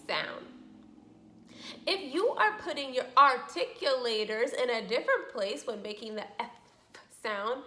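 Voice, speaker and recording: Slow, animated woman teaching speech sounds. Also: high voice, reverberant. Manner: slow, exaggerated, encouraging teacher talk. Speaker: speech therapist. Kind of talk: children's speech lesson.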